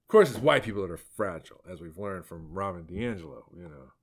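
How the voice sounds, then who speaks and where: A man's voice: low voice, lively intonation, fairly quick. A man hosting a podcast, giving rambling, sarcastic commentary on his own essay with frequent asides. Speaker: podcast host.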